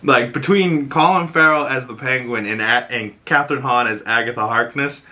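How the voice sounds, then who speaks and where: A male podcast host giving a rambling, profane, excitable recap of a TV episode. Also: medium pitch. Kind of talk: casual episode recap and reaction.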